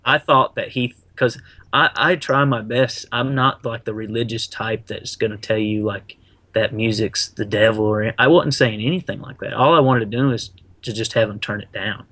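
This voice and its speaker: A man, middle-aged, telling a personal story in a casual, animated way, full of slang and acted-out quotes. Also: fairly low pitch, moderate pace, dry recording. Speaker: guest.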